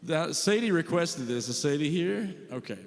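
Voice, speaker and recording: A man's voice: fairly high pitch, animated, normal speed, creaky. Chatty man in his forties, echoing hall. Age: 40s. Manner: chatty, self-mocking, jokey asides to the crowd. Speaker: visiting musician. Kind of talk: storytelling between songs at a church concert. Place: church hall with live audience. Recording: long hall reverb.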